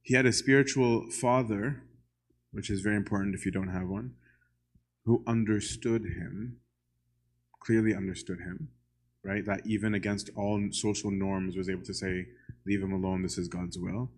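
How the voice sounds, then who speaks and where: Speaking in a low, steady voice at a moderate pace, a man delivers a conversational church lecture. He often adds "right?" and puts questions straight to his listeners.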